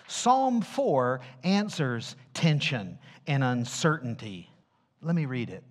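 A man preaching a sermon as pastor, emphatic, asking the congregation questions and dropping at times to a hushed voice. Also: mid-range voice, sing-song, takes it slowly.

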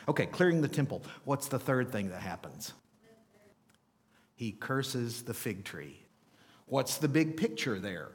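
Animated male preacher in an echoing hall. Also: medium pitch. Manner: animated, asks the audience rhetorical questions. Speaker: pastor. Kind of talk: sermon. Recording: long reverb of a large hall.

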